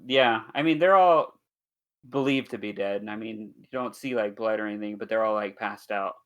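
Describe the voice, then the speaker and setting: A man's voice: fairly low pitch, normal speed, dry recording, highs cut off. A man co-hosting a casual podcast, recapping a plot with frequent filler words. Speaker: podcast co-host. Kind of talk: casual chat, recapping episodes.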